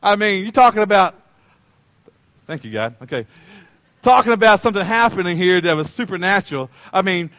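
Male pastor, high-pitched, casual sermon delivery with a dry close sound and playful repetition. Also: expressive, brisk, long pauses, a bit bright, no room sound. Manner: conversational, playful, repeats phrases.

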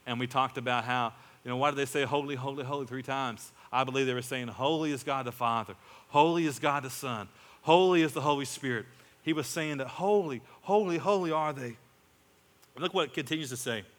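A man preaching a sermon as pastor, emphatic, building up to loud exclamations. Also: mid-range voice, fairly quick. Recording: long hall reverb.

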